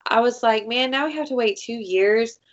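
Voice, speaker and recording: A woman co-hosting a casual chat, telling stories in an animated way, acting out quotes and swearing freely. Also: a little high, moderate pace, muffled recording.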